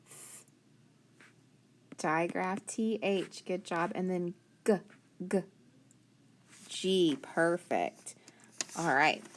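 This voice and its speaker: A woman's voice: mid-range voice, a little mellow, slight background noise. A woman teacher giving a phonics lesson, sounding out letters one by one and praising each answer.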